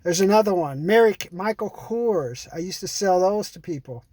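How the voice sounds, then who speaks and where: A man's voice: high voice, animated, normal speed, darkish tone, dry recording. A middle-aged man giving a rambling, pushy sales pep talk, swearing and calling the listener "man". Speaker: sales trainer. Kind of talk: casual motivational sales talk.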